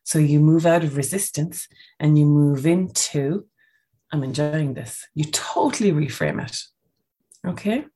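A woman's voice: sits low, measured pace, warm tone, husky. A woman giving a casual, coaching podcast talk on breathing, often checking in with "okay?".

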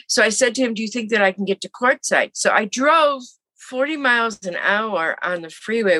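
With a voice on the low side and no room sound, a woman in her seventies shares her story casually as an interview guest. She brings quoted people to life, animatedly acting out their voices.

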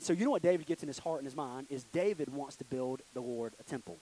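A young man with a fairly high voice preaches a casual youth sermon in a church room, talking fast, joking around and animatedly acting out little voices. He's a youth pastor, and the audio quality is poor.

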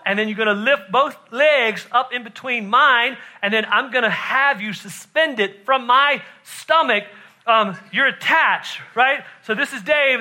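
A man preaching a sermon, telling a story with laughter and "right?" asides, then dropping to a hushed, intense delivery. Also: extremely high pitch.

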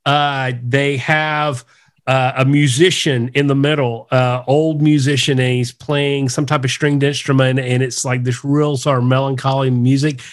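A man's voice: medium pitch, level tone, a little slow. A man co-hosting a podcast in casual, rambling, enthusiastic chat. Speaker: podcast co-host.

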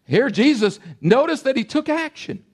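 An older male pastor in his sixties preaching with big swings in pitch, rising to loud emphatic bursts. His voice carries a gravelly fry, and he drops into quiet asides between points. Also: big pitch swings, normal speed. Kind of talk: sermon.

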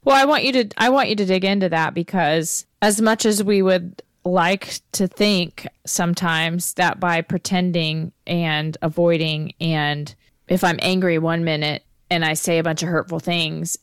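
A woman with a slightly low voice who hosts a podcast. She backs up her guest with steady affirmations and then presses in with thoughtful questions. Her sound is dry and close to the mic. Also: a little slow, clear, resonant tone, no room sound. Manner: affirming listener who asks probing follow-up questions. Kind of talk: conversational podcast talk.

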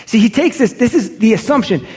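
A man's voice: very high voice, lively intonation, a little fast, a little mellow. A man in his thirties, a pastor preaching a sermon with earnest, emphatic delivery that rises on key points.

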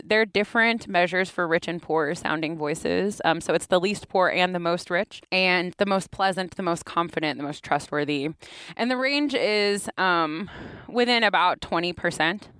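A young adult woman, a researcher guest on a podcast, explaining her work in relaxed conversation and often laughing. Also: mid-range voice, clear, resonant tone, dry recording. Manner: explains at length, laughs often, quotes voices. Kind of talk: casual interview talk.

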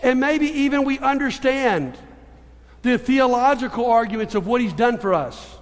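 A man with a high voice preaches in a church. He tells his stories in an animated way and swings from quiet to forceful. His voice rings with the long reverb of a large hall. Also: moderate pace. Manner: animated storyteller, shifting between hushed and emphatic. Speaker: pastor. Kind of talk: sermon with storytelling.

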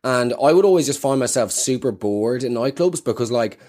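A man's voice: mid-range voice, lively intonation, brisk, a little mellow. A man with a South Dublin Irish accent doing rambling, self-mocking stand-up comedy with plenty of swearing. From Ireland.

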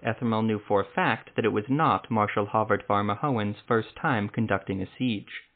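A man narrating a fantasy story in a steady, measured reading. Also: on the low side. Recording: tinny phone-like sound.

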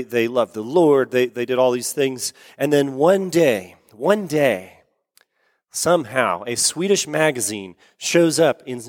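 A man preaching a sermon, telling a story earnestly and repeating words for emphasis. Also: medium pitch. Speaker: pastor. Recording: long reverb of a large hall.

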